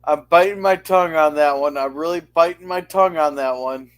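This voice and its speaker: A man's voice: a little high, a little fast, clear, resonant tone. A man joining a casual online chat as a panel guest, teasing and holding back a joke, heard through a video call.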